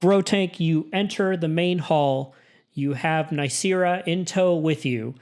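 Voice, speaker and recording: A man narrating a tabletop role-playing game as game master, describing scenes in a lively way. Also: a little high, slow pace.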